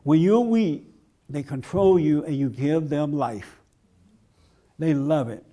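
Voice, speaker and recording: A man's voice: a little high, takes it slowly, dark tone. A man giving a blunt, emphatic preaching-style talk at a conference, laughing along with his audience. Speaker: conference speaker.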